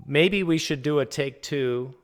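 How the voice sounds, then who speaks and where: A man with a Canadian accent, hosting a casual live-stream chat and wrapping it up in a relaxed, friendly way. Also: on the high side, measured pace. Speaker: host.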